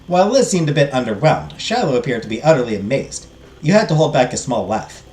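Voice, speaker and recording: A man's voice: mid-range voice, quick pace. A middle-aged man from the United States reading a game's story aloud and chatting between lines, in an echoey room with faint music behind. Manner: expressive reader, chatty asides. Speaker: host.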